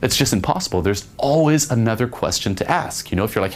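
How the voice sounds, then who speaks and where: A man's voice: mid-range voice, animated, fast talker, slight background noise. A young man teaching a dating lesson in a casual way, often checking in with "okay?" and swearing now and then. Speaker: dating coach. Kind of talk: spoken lesson with acted examples.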